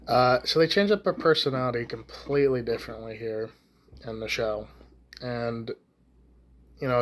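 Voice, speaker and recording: A man's voice: mid-range voice, fairly bright tone. A young man ranting casually to camera, rambling with lots of swearing and false starts. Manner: profane, rambling, with many restarts and fillers. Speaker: YouTube ranter.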